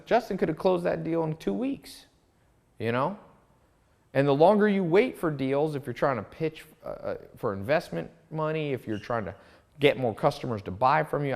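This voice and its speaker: Man teaching in a loose, chatty way. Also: medium pitch. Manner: storytelling, animated, with asides and restarts. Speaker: course instructor. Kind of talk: casual teaching monologue.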